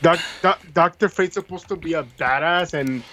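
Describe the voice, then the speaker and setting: A man's voice: on the high side, moderate pace, pushed and bright. A man in a casual podcast chat, ranting in a frustrated, profane way. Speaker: podcast co-host.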